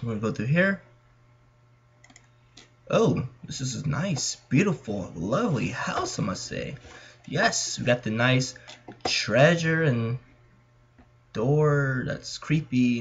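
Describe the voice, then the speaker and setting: Gravelly Californian man narrating a game. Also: medium pitch. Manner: jittery, chatty, talks to viewers. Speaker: gaming channel host. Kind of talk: horror game commentary. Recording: dull lo-fi mic.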